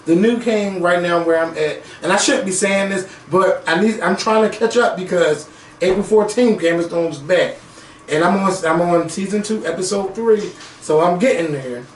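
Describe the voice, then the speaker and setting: Brief: male co-host, animated and profane, mic at a distance, faint background noise. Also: sits high, normal speed, echoey room. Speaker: podcast co-host. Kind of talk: casual chat.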